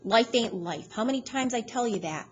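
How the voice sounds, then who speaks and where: A woman reading aloud, voicing a surly, threatening man with curt, loud lines. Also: fairly high pitch, lively intonation, normal speed, lo-fi sound, slight background noise, voice pushed up, close to an everyday voice. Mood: menacing. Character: menacing tattooed man, gruff and surly. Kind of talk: read-aloud storytelling.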